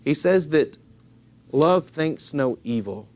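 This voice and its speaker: Man, preacher, sermon, earnest, emphatic, fairly high voice. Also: expressive, slow, a little mellow. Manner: earnest, acts out little dialogues in his talk.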